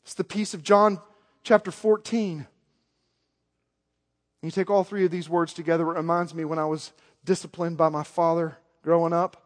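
A man preaching a sermon as pastor, moving from quiet storytelling to yelling with passion. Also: a little high, level tone, moderate pace. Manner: swings from soft to yelling. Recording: long hall reverb.

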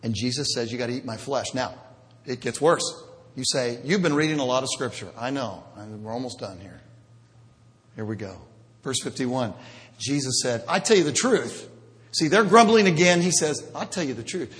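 A man preaching a sermon, animated and jokey, with sudden loud bursts. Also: mid-range voice, moderate pace, long reverb tail. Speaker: pastor.

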